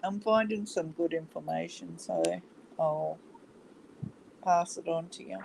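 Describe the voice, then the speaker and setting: A woman's voice: deep voice, sing-song, a little slow, vocal fry, darkish tone, a little hiss or hum, low-quality recording. A middle-aged woman with an Australian accent, hosting a casual chat, telling stories and laughing often. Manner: chatty, laughs often, storytelling. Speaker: host.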